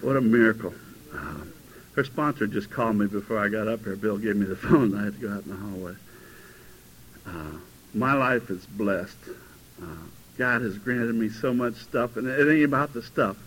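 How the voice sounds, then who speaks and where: Man in his fifties, recovery testimony, bright voice, animated storytelling, faint noise behind. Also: fairly low pitch, normal speed, rough recording. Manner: animated storytelling, bursts into shouting. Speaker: recovery meeting speaker. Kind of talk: personal testimony to a meeting. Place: meeting hall before a live audience.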